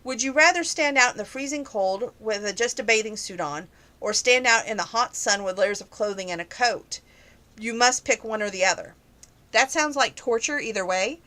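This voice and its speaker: A woman's voice: medium pitch, sharp tone. A young woman answering viewer questions in a casual, opinionated chat that grows heated on some topics.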